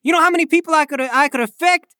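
A woman's voice: sits high, fast talker, bright, forceful tone, no room sound, studio quality. A woman playing her character in a tabletop game with sassy, indignant ranting. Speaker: player.

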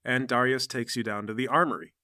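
A man narrating a tabletop role-playing game as game master, switching into quick voices for the characters. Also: mid-range voice, steady tone, bright, forceful tone.

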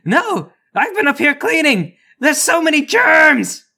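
A fussy, germ-obsessed sailor yelps in a high, wildly swinging voice, as a man acts him out for a tabletop game. He is jumpy and shrill, always on the edge of a shout. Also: big pitch swings, measured pace, creaky, exaggerated voice. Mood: panicked.

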